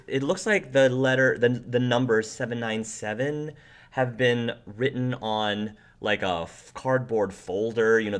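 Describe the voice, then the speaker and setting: A man narrating as game master, describing scenes in a slow, rambling way. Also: mid-range voice.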